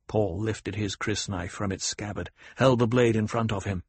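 A man narrating an audiobook in a measured, dramatic storytelling manner, with a husky voice. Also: lowish voice, no room sound. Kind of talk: scripted narration.

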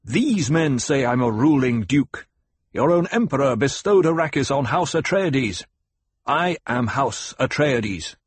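A man's voice: medium pitch, lively intonation, moderate pace, slightly rough, no echo, pitched above the performer's own voice. A man reading an audiobook, voicing a young duke who barks commands at armed fighters. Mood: stern. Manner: commanding, shouting orders. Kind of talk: audiobook character voice.

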